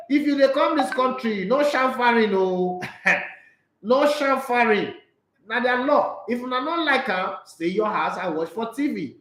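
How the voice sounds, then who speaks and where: A Nigerian man hosting a casual sports live stream, reading out viewer comments and answering in a blunt, animated way, slipping into Pidgin. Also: high voice, echoey room, rough recording.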